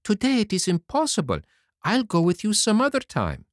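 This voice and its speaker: Naive wooden puppet boy in a storybook, a man voicing him, very high and breathless, swooping all over. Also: wildly swooping pitch, normal speed, dry recording, studio quality. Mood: chatty.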